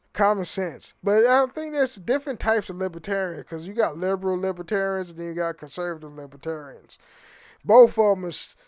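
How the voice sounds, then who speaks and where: A man's voice: high voice, no room sound, clean studio sound. A young man hosting his own podcast, talking in a rambling, profane way and often stammering and repeating words. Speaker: podcast host. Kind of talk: rambling casual monologue.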